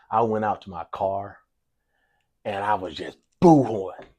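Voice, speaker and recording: A man's voice: lowish voice, measured pace. A man, a basketball coach telling a long personal story in an interview, repeating himself and acting out the dialogue. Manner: animated storyteller, acts out dialogue, frequent repetitions and "y'all". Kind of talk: storytelling in a sports talk interview.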